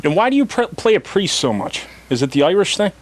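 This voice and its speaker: A man's voice: sits high, sing-song, fast. A man with a slightly raised voice hosts a talk show. He teases his guests playfully and switches to reading plugs for the show. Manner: playful, teasing interviewer. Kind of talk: casual chat with scripted plugs.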